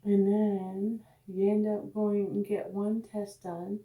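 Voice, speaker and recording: A woman's voice: medium pitch, flat delivery, takes it slowly. Tipsy woman rambling in an echoey room. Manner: slurred, tipsy and meandering, swearing, drifting between loud outbursts and murmurs. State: tipsy from drinking. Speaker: vlogger. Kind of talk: rambling casual monologue. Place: at home, indoors.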